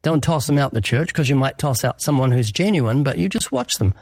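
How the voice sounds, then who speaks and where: A man's voice: medium pitch, lively intonation, fairly quick, a little mellow, husky, no room sound. A man speaking as an evangelist guest, earnest and emphatic, preaching and acting out short exchanges. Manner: earnest, emphatic, sermon-like with acted dialogue. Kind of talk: preaching in a radio interview.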